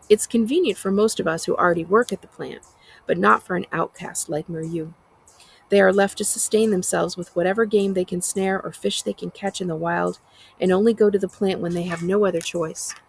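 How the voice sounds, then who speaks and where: A woman, a school librarian, reading a novel aloud in a steady, plain storytelling manner. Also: on the low side, creaky, slight background noise, poor audio.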